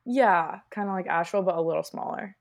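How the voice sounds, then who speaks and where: A woman's voice: lowish voice, fast, vocal fry. A young woman co-hosting a podcast, talking casually in a laid-back, slangy, teasing way. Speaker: podcast co-host. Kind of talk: casual chat.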